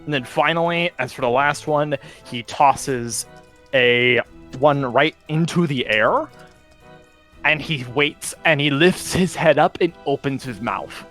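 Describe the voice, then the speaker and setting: A man's voice: fairly high pitch, slow, fairly bright tone, faint music behind. A man narrating a tabletop game as game master over voice chat, talking casually and meanderingly with many fillers.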